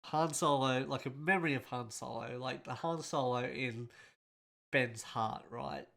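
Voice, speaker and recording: A man's voice: mid-range voice, unhurried, creaky, fairly bright tone. A man hosting a casual film breakdown, speaking in a rambling and emotional way with a congested, nasal voice. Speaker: host.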